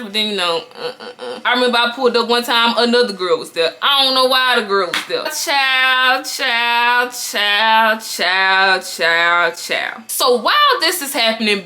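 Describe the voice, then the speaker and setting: High, bright young woman telling a story. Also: a little fast, few pauses. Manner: animated, profane, laughing storytelling. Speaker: vlogger. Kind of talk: casual storytime.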